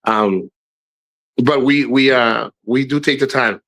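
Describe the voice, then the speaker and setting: A man's voice: mid-range voice, slow, fairly bright tone. A middle-aged man talking casually to his livestream viewers. He rambles frankly, restarts often and swears freely. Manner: addresses viewers directly. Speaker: live streamer.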